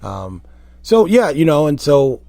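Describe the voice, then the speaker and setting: A man, a former wrestler, telling rambling, animated stories in a casual interview. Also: fairly high pitch, a little slow, gravelly, no room sound, faint music behind. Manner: rambling, animated anecdotes with quoted voices.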